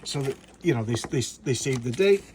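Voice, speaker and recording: Rambling excitable man reviewing a comic. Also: medium pitch, fairly quick, a little hiss or hum. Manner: rambling, excitable, lots of restarts and asides. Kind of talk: casual comic review, reading panels aloud.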